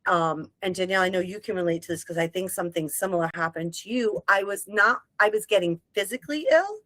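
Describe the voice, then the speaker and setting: A woman, a medium, telling a personal story in casual conversation, emotional and animated, breaking into short sung lines. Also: mid-range voice, fast, no echo, poor audio. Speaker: guest medium.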